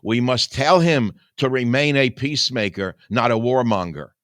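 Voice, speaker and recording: A man's voice: mid-range voice, moderate pace, a bit bright, no room sound, clean studio sound. An older man hosting a talk show, reading scripture aloud and then ranting in an impassioned, preaching way. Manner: preaching, rising to angry outbursts. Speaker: radio talk host.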